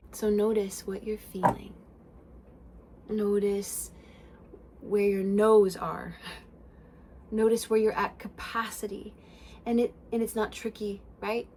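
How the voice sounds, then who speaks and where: A woman talks straight into her own podcast in an emphatic spiritual self-help monologue. She swears freely and swings between loud bursts and hushed passages. Her pitch sits in the middle range for a woman. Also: slow pace, slight background noise. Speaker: podcast host.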